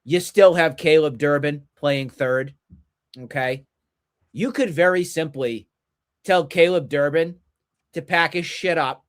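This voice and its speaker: A man co-hosting a sports podcast, ranting in an angry, profane, repetitive way. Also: a little high. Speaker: podcast co-host.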